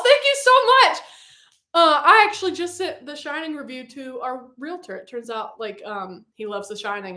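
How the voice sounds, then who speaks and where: A woman's voice: on the high side, roomy sound. A woman hosting a casual livestream, chatty and bubbly as she reads and answers viewer comments. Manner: chatty and bubbly, with loud excited reactions. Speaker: livestream host.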